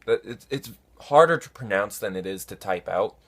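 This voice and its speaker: A man casually answering viewer comments, unhurried and halting, with many fillers. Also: fairly low pitch, lively intonation. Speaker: fan conlang vlogger answering comments. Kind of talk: casual talk to camera.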